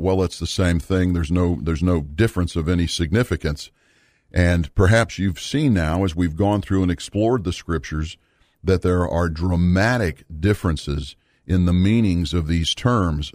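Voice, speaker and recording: A man teaching a Bible study series in an earnest, measured way, pausing with fillers and repeating words for emphasis. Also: deep voice, a little mellow, dry recording, clean studio sound.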